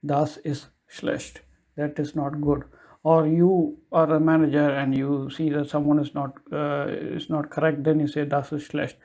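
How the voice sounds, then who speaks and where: A man teaches a casual language lesson, explaining simple German phrases in loose, chatty English and slowly repeating each one for the listener. His voice is fairly high in pitch, flat in delivery, and dark in tone.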